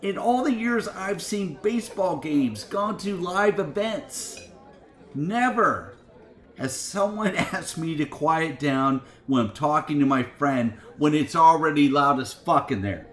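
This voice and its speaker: A man's voice: fairly high pitch, a little slow, roomy sound. A middle-aged man hosting a music show, telling an indignant, profane story with laughs. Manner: animated, swearing, laughing, indignant. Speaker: radio show host.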